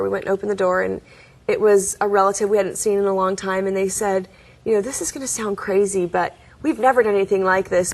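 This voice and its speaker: A woman, likely in her thirties, telling her faith story as an interview guest, earnest and often laughing softly. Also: medium pitch, vocal fry. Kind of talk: testimony in a studio interview.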